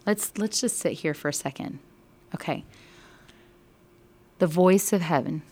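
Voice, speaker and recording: A woman leading a casual Bible study, directing readings and asking questions, and growing animated and emphatic when moved. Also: fairly low pitch, a little slow, breathy edge.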